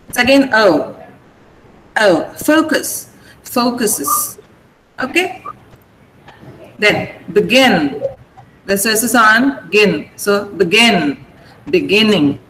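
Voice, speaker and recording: A woman with an Indian English accent who teaches pronunciation in an online class, slowly repeating words and stressing syllables. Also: on the high side, fairly bright tone. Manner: slow, deliberate, repeats words for pronunciation drills. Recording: echoey room with faint noise.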